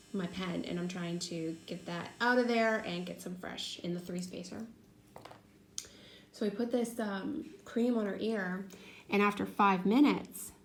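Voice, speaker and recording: A woman in her thirties chats through a long personal story while she works on a craft at home. Her voice sits at a middle pitch, and she slips into the voices of the people she quotes. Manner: chatty, animated retelling with voiced quotes. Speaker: craft vlogger.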